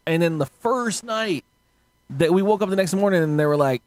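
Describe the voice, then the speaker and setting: A man's voice: high-pitched, fairly quick, dry recording. A young man telling stories in casual podcast chat, swearing often and acting out other people's voices. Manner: animated storyteller, swears often, acts out voices.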